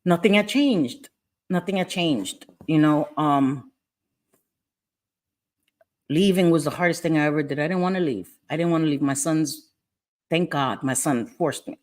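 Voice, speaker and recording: A woman's voice: low voice, unhurried, pauses often. A middle-aged woman hosting a livestream, tearful and apologetic as she tells a personal story, repeating phrases as she goes. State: crying. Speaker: livestream host.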